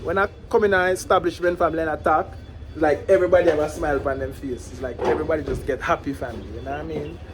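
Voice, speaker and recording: A man's voice: on the high side, steady tone, rapid-fire, over music. A Jamaican man talking casually to his viewers outdoors, rambling and often repeating "you know what I mean" and "family". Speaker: vlogger. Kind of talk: casual talk to camera. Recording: loud street and traffic noise.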